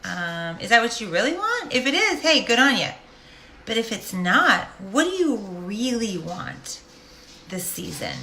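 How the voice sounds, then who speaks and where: A woman's voice: mid-range voice, big pitch swings, a little slow, creaky, pushed and bright, a little hiss or hum. A woman, a life coach, speaking directly and animatedly in a casual faith-based monologue. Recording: roomy echo.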